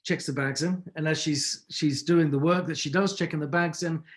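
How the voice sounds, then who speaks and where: A man's voice: on the high side, steady tone, normal speed. A man giving a mentoring talk on a call, telling anecdotes in a conversational way and asking his listeners rhetorical questions. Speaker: business mentor. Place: video or conference call.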